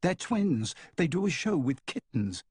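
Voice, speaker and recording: A man's voice: fairly high pitch, sing-song, unhurried, darkish tone, husky, no echo, studio quality, voice pushed up, full character voice. A man voicing Bailey, an earnest young boy who is out of breath, in a slightly raised voice.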